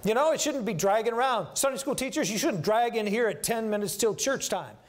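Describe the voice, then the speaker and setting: Animated, high-pitched man preaching. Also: brisk. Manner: animated, emphatic, repeats key phrases. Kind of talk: sermon. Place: church sanctuary.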